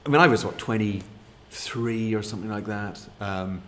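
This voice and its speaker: A man's voice: fairly low pitch, normal speed, fairly bright tone. A middle-aged man, telling rambling, chatty anecdotes as a guest and laughing at his own tales. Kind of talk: casual anecdote.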